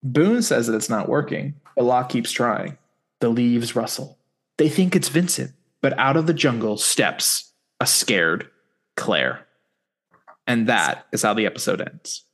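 A man's voice: medium pitch, expressive, measured pace, fairly bright tone. A man co-hosting a podcast, recapping a TV episode in casual chat with sarcastic asides. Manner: wry, sarcastic asides while summarizing.

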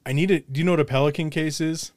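A man's voice: fairly high pitch, fairly even intonation, fast talker, no echo. Dry-sounding male podcast host, chatty. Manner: chatty storyteller, many fillers. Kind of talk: casual conversation. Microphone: remote podcast setup.

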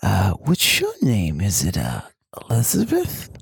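A man playing a bumbling man from Queens trying to flirt at a bar, halting and hesitant. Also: on the low side, wildly swooping pitch, gravelly, slightly rough, no room sound, studio quality, pitched below the performer's own voice, full character voice. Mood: awkward flirting.

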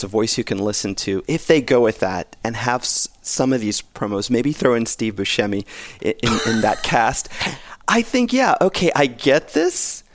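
A man's voice: on the low side, no room sound. A man giving his opinions as a podcast guest, wry and opinionated, with laughs in his talk. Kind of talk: casual podcast chat.

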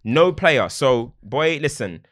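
A man in casual football chat on a podcast, animated and slangy, laughing often. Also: mid-range voice, takes it slowly. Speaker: podcast co-host.

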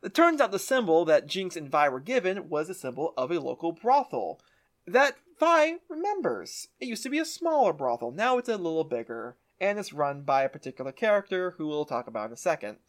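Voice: medium pitch, very animated, a little fast. A podcast co-host casually recapping a show, retelling scenes with enthusiasm. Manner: enthusiastic retelling with quoted voices.

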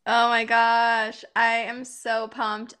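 Young woman co-host, high voice, casual chat, breaks into giggles. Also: monotone, slow pace, bright, forceful tone, clear, resonant tone. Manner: giggly, laughs through her story. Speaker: podcast co-host.

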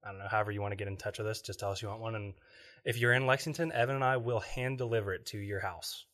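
A man with a somewhat low voice co-hosts a casual podcast chat. He tells stories with frequent laughter and a loose, rambling delivery. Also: steady tone, very fast, a bit bright. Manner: laughs often while telling stories. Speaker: podcast co-host.

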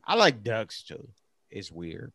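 A man's voice: lowish voice, takes it slowly, dry recording. A man in casual podcast chat, telling profane stories animatedly and acting out what people said. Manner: animated, profane storytelling, acts out quotes. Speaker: podcast co-host.

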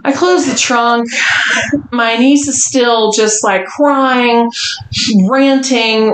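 A woman's voice: a little high, drawn-out words. A woman podcast host telling a story casually, swearing a lot and acting out what people said. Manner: profane, animated, quotes people. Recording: roomy echo, faint noise.

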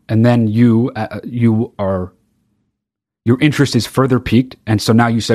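A man hosting his own podcast and talking straight to the listener in a worked-up rant. He swears freely, stumbles and restarts as he builds up steam. His voice sits at an ordinary middle pitch for a man. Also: normal speed, pauses often, darkish tone. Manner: heated, profane ranting with frequent restarts. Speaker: podcast host. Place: very hot recording space.

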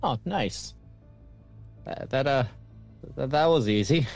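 A man's voice: mid-range voice, lively intonation, slow pace, vocal fry, darkish tone, soft background music. A man playing in a tabletop game, chatting casually and joking about his rolls. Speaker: player.

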